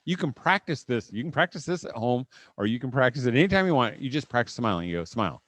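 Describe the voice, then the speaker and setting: A man's voice: medium pitch, big pitch swings, fast, a bit bright, no room sound. A middle-aged man from Indiana giving a humorous parenting talk to a live audience, telling folksy anecdotes and chuckling often. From Indiana, USA. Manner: folksy anecdotal storytelling, chuckles often, acts out family moments. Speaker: conference speaker.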